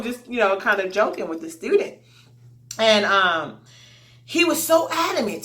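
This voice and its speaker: A woman tells stories from her online teaching in a casual, animated vlog voice. She chats straight to her viewers as if they were friends. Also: medium pitch, a little slow, pauses often, slight background noise. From United States. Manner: animated, chatty, addresses viewers directly.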